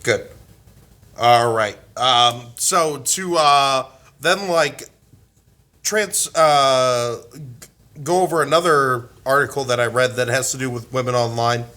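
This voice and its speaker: A man's voice: medium pitch, slow pace, bright, forceful tone. A man hosting a casual podcast chat, joking crudely and restarting his sentences often. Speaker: podcast host.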